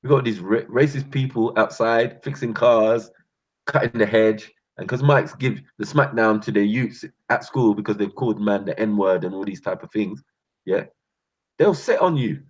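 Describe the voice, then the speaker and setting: On a dull, lo-fi recording, a channel host from North London tells street stories in a London accent, laughing and using slang in a lively, casual monologue. His voice is on the low side with a breathy edge, at a moderate pace.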